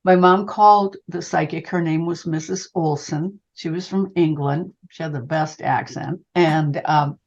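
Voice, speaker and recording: A woman's voice: sits low, unhurried, hardly any pauses. An older woman, a psychic medium, telling a personal story in an interview and calling the listener honey. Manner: animated, calls the listener honey. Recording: dull lo-fi sound.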